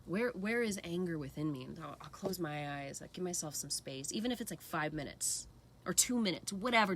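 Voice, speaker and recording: Woman, lowish voice, earnest, expressive, casual reflective talk, faint background noise. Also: fairly quick. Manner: earnest, expressive, acts out inner voices with swearing and sighs. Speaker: speaker sharing personal practice.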